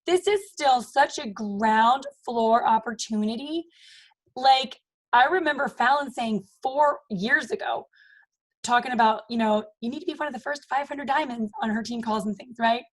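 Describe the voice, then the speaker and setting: A woman leads her team call with upbeat, emphatic encouragement. Her voice sits a little high. She keeps checking in with her listeners as she drives each point home. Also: normal speed, poor audio. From Maryland, US. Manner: upbeat, emphatic, repeats "you guys" and "okay?". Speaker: team leader. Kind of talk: motivational team call talk.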